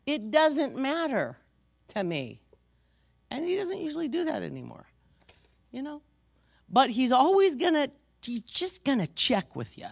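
A pastor preaching a sermon in a conversational, animated storytelling manner, self-deprecating and lively. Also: high voice, no echo, clean studio sound.

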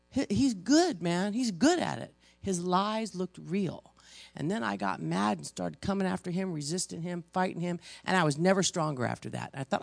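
A woman preaching a sermon, emotional and halting, pausing between stressed words. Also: fairly low pitch, animated, no room sound. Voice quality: gravelly.

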